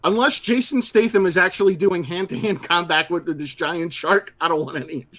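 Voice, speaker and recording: Higher-pitched man, blunt and animated. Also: normal speed. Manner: blunt, animated, swears freely. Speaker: podcast co-host. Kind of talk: casual livestream chat.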